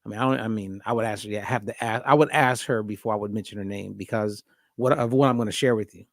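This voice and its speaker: A man hosting a casual podcast conversation as a diet coach, telling a story with lively acted-out dialogue. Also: fairly low pitch, fast, vocal fry, no echo, studio quality. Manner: animated storyteller acting out both sides of a phone call.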